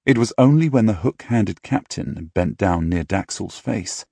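Low husky guy reading an audiobook, gravelly, dramatic and measured, dry close mic. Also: expressive, warm tone, dry recording. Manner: measured, dramatic storytelling with growled dialogue. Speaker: audiobook narrator. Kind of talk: scripted audiobook narration. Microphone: close studio mic.

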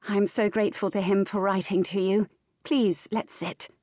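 A woman voicing a nervous young gentlewoman who speaks in a high, chirpy, eager and polite way. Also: fairly even intonation, normal speed, dry recording, clean studio sound, lightly acted. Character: nervous young gentlewoman trying to sound serene.

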